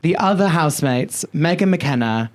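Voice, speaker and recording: A male podcast co-host telling stories in casual chat, animated, drawing out words and swearing freely. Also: a little high, moderate pace.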